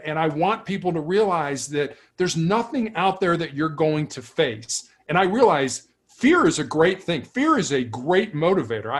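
A middle-aged man with a somewhat high-pitched voice speaks earnestly in an interview. He tells stories at length and often restarts, repeating his first words before he finds the sentence. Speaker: interview guest, retired police officer. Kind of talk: reflective storytelling in conversation.

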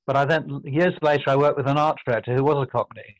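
Speaking at medium pitch with fairly even intonation, an older man with a posh southern English accent reflects as an interview guest. He often stops and starts his sentences over, coming across as thoughtful, halting, and self-correcting. The recording is rough, with no echo.

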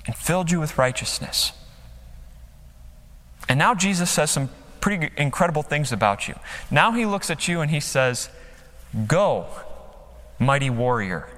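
A man's voice: fairly high pitch, animated, measured pace, pauses often, a bit bright. A man preaching a sermon as pastor, emphatic, acting out quotes with dramatic rises and drops, speaking from a church stage. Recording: long hall reverb.

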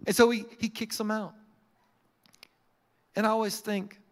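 A man with a notably high voice preaches a casual, animated sermon, slipping into little acted-out quotes. The sound carries a long reverb, as from a church sanctuary. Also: moderate pace, long pauses. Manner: conversational and animated, acting out quotes. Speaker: pastor.

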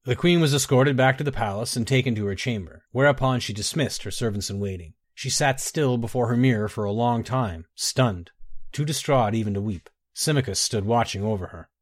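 A man narrates a fantasy book at a middling pitch, measured and steady with dramatic turns. The sound is close and dry, with no room around it. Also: no room sound. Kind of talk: scripted storybook narration.

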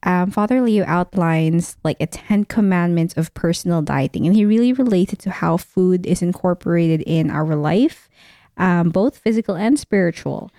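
A Filipina woman with a Filipino English accent co-hosting a podcast. Her voice is mellow and warm and sounds close and dry. She talks in a chatty way and often restarts her sentences. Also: lowish voice, moderate pace, no room sound. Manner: chatty, with frequent fillers and restarts. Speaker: podcast co-host. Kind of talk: casual chat.

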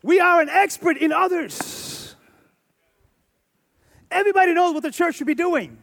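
Man, forties, pastor delivering a sermon, very high voice, emphatic and repetitive, keeps asking the crowd questions. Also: expressive, moderate pace, creaky, fairly bright tone. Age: 40s. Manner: emphatic preaching with repeated phrases and rhetorical questions.

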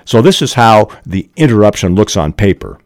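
A man hosting a podcast on fiction writing, explaining techniques deliberately with frequent fillers. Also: lowish voice, very animated, a little mellow, no room sound, studio quality. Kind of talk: explanatory talk and reading aloud.

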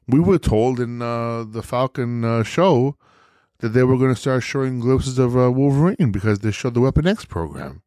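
A man hosting a podcast, talking about movies in an animated, theatrical and profane way. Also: medium pitch, moderate pace, no echo, clean studio sound. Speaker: podcast host. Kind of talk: casual movie talk.

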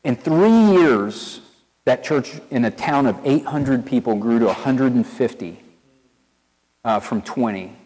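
A man from East Tennessee with a Southern accent, a pastor preaching a sermon in a conversational, storytelling way, earnest and animated. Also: mid-range voice, measured pace, big-room sound, slight background noise, poor audio. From East Tennessee, USA. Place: church sanctuary with long reverb.

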